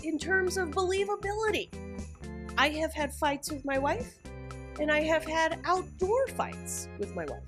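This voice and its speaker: A woman's voice: high voice, lively intonation, unhurried, music in the background. A woman hosting a reality TV recap, talking in a sarcastic, joking commentary style. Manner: sarcastic, jokey, mock voices.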